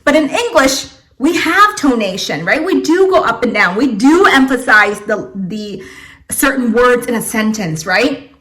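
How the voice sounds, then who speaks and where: A woman's voice: a little high, animated, a little slow, fairly bright tone. A young woman from Vietnam teaching an English lesson in a casual, encouraging way, checking in with "okay?" and "right?" after many phrases.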